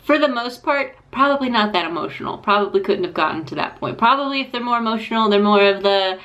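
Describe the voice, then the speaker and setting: A woman's voice: mid-range voice, expressive, fast talker, fairly bright tone, highs cut off. A woman hosting a video, reacting to clips with blunt, profane, mocking commentary. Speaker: video host.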